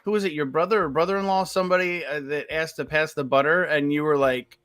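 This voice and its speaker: A man's voice: fairly high pitch, steady tone, fast talker, a bit bright. A man chiming in casually, teasing his friends. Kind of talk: casual chat.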